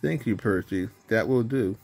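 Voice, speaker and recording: Guy reading as a stern railway boss, formal and measured, husky voice. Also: lowish voice, darkish tone, soft background music. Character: stern man in charge of the railway.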